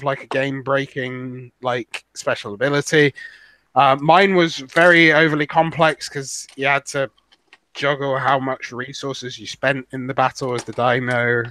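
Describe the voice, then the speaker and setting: Bright-voiced casual male podcaster. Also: on the high side, no room sound. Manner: rambling, swears casually, many ums. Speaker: podcast co-host. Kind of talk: casual gaming chat.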